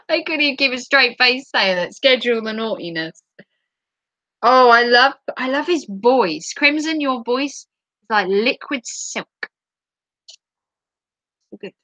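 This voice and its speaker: A woman's voice: on the high side, lively intonation, takes it slowly, pauses often, pushed and bright, no echo. A woman hosting a live stream, reading out viewer comments in a giggly, playful chat. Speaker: livestream host.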